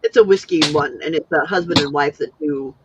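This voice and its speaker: A woman's voice: deep voice, a little fast, background noise. A woman hosting a casual late-night crafting live stream, chatty and giggly, reading out viewer comments. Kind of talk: casual chat.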